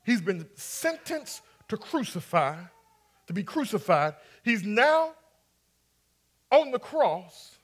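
A man's voice: sits high, very animated, slow pace. A man preaching a sermon, acting out scripture scenes and coaxing his congregation to respond. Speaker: pastor.

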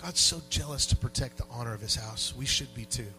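A man preaching a sermon as pastor in a church, animated and joking with the congregation, dropping to quiet asides and rising to loud peaks. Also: medium pitch, a little fast, faint music behind, poor audio. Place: church sanctuary.

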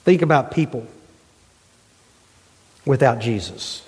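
A male pastor delivers an emphatic sermon, building rhythmic phrases and leaning on dramatic pauses. His voice sits fairly high for a man. A long reverb from a large church sanctuary trails every line. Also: expressive.

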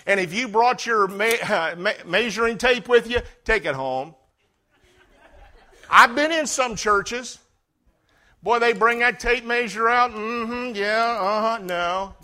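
A middle-aged male pastor with a high-pitched voice preaches a folksy, story-filled sermon, swinging from loud emphasis to hushed tones.

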